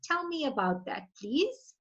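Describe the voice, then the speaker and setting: A woman host interviewing children over a video call, speaking slowly and encouragingly. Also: sits high, very animated. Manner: encouraging, slow and gentle. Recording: slightly dull lo-fi call audio.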